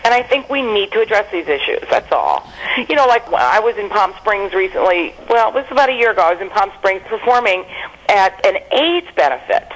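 A woman in her forties, a comedian guest telling stories in a brash, profane, animated way during a casual interview. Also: mid-range voice, fairly quick, poor audio.

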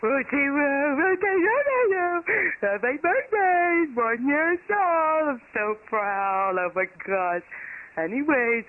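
A woman's voice: high voice, big pitch swings, a little slow. A woman leaving a sing-song, mock-weepy voicemail birthday greeting. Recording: tinny phone voicemail.

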